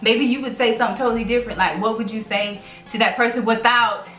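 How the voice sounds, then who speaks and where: A chatty woman with a bright, fairly high voice talks casually as a channel host, often restarting her sentences. Her voice rings in an echoey room, and the mic sits some way off. Faint music plays underneath. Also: steady tone, quick pace, far from the mic. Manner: chatty, rambling with many restarts. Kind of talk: casual couple chat.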